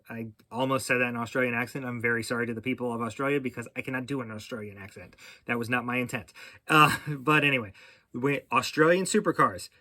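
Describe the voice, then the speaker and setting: A middle-aged man hosts a casual racing chat, rambling and restarting his sentences as he goes. His voice is bright and forward, and it sits close and dry with no room sound around it. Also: medium pitch, no room sound. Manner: rambling, with frequent fillers and restarts. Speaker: podcast host.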